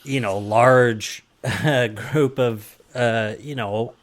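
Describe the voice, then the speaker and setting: A man in casual podcast conversation, his voice at an ordinary middle pitch. He keeps stopping to search for words, filling the gaps with ums and uhs. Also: fairly even intonation. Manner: halting, many hesitations and ums. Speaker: podcast host. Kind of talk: casual chat.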